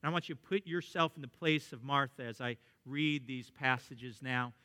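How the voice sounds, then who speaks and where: A man preaching a sermon, reading scripture and speaking earnestly and with emphasis, sometimes dropping into quieter asides. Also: medium pitch, moderate pace. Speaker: pastor.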